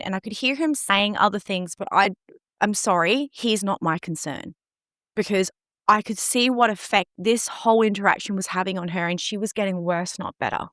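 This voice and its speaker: A woman speaks earnestly and openly as she recounts a painful personal story to an interviewer. Her voice sits at a medium pitch, and the recording is close and dry, with no room sound around her. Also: normal speed, a bit bright, no room sound. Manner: earnest, emotionally open. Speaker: guest recounting events.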